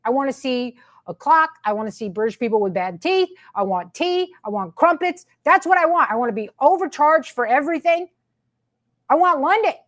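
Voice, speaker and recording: High-voiced woman, indignant and sarcastic. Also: animated, normal speed. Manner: indignant, sarcastic, emphatic repetition. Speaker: commentary host. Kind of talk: ranting political commentary.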